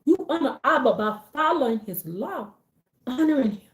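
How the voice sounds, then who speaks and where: A woman giving a casual, animated religious pep talk to her community, talking in a preachy, slangy way and repeating herself for emphasis. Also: sits high, normal speed, reverberant, muffled recording. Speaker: faith community speaker.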